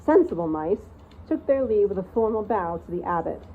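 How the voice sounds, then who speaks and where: A woman narrating a storybook aloud in an expressive read-aloud style. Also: mid-range voice, normal speed, husky. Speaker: reader of a channel read-aloud. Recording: tinny phone-like sound, faint hiss.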